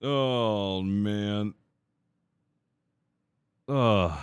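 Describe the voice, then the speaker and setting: A man streaming a game live, talking to his crew and chat, swearing freely and quick to vent his frustration. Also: fairly low pitch, smooth. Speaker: livestreamer. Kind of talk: live gaming commentary.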